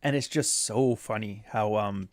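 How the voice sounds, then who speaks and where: A man's voice: on the low side, unhurried, no room sound. A man doing casual commentary, rambling through sarcastic asides. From Canada. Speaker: commentary host.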